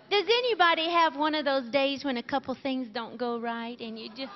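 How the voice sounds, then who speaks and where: Woman telling a story to a crowd, laughs a lot, high voice, echoey hall on dull old tv audio. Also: unhurried, background noise. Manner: giggly, emotional, laughs often. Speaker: co-host of a Christian TV show. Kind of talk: warm testimony to a live crowd. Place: large camp meeting hall with live audience. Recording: 1980s TV broadcast, lo-fi, reverberant hall.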